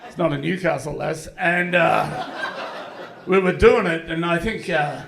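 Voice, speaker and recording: An Australian man in his fifties works a comedy club crowd, rambling and self-mocking, dropping crude asides between fillers. His voice sits a little high for a man, and a faint hiss runs under it. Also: a little slow, gravelly. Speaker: stand-up comedian. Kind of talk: live stand-up routine. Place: comedy club stage, audience laughing.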